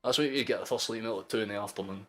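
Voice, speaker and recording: Excitable young Scottish man, sweary. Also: fairly low pitch, rapid-fire, soft background music. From Scotland. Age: 20s. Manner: excitable, sweary, shouting at big moments. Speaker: streamer hosting a match watchalong. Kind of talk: live football watchalong commentary.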